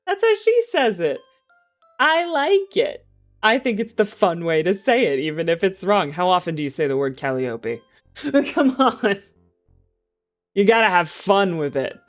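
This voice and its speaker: An excitable woman streamer chatting casually with her viewers. She swears freely and breaks into laughs as she goes. Soft background music plays beneath her voice. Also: on the low side, moderate pace. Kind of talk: casual livestream chat.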